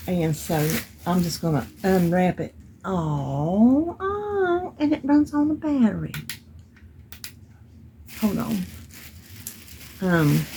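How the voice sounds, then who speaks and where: A woman's voice: deep voice, creaky, mellow, a little hiss or hum. A woman chatting casually at home about items she bought and received in the mail, telling stories as she goes. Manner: chatty, storytelling, Southern-style grammar. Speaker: vlogger. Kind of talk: casual haul chat.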